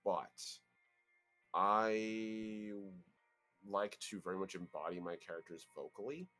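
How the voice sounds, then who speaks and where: A man's voice: takes it slowly, sharp tone, soft background music. A man with a growly voice chatting thoughtfully on a livestream. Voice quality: deep, growly voice. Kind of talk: casual chat on a livestream.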